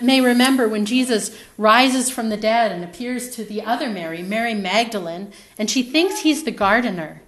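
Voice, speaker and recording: A woman preaching a sermon in a reflective, storytelling manner, her phrases trailing off softly. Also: on the high side.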